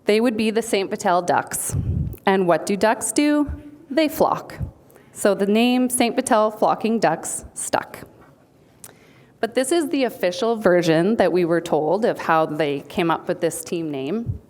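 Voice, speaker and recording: A woman's voice: medium pitch, expressive, a little slow, darkish tone. A woman giving a humorous prepared speech on behalf of a team being honored, with a playful punning delivery. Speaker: speaker accepting an award for a team. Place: banquet hall.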